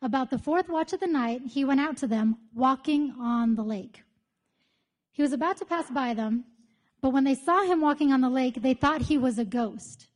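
Chatty high-voiced woman teaching Bible study. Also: normal speed. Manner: chatty, candid, lively storyteller. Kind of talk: casual teaching with storytelling. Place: church meeting room with group.

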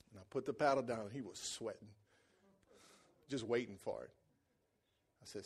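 A man preaching a sermon as pastor. He tells stories in a colloquial, joking way and swings from loud excited peaks to hushed low passages. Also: a little slow, long pauses, husky.

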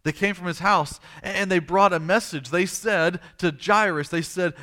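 A man's voice: high voice, normal speed, hardly any pauses, pushed and bright. A male pastor preaching a sermon, retelling a story dramatically and repeating phrases for emphasis.

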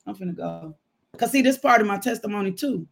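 This minister has a high, creaky voice and talks a little fast. He preaches a casual devotional and shares his own testimony, telling it as animated storytelling punctuated by frequent laughter.

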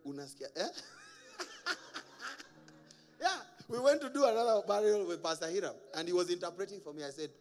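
A man preaching a sermon as a pastor, animated and often laughing at his own stories. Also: high-pitched, fairly quick, long pauses, long reverb tail.

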